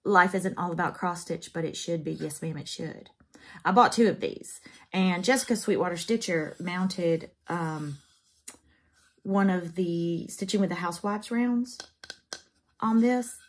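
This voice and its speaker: A woman in her forties with a drawl, chatting to camera from her craft room at home. Her voice is a little husky and sits on the low side. She talks in a folksy, heartfelt way. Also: measured pace. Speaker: craft vlogger. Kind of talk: casual chat to camera.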